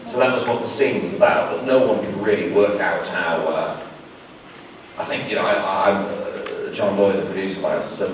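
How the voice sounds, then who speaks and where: A man's voice: low-pitched, moderate pace. A man from England answering fan questions on stage at a convention, rambling and wry, with many restarts. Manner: rambling, full of restarts, wry and self-mocking. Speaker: guest actor at a fan convention Q&A. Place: large convention hall. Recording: very echoey hall, distant and noisy.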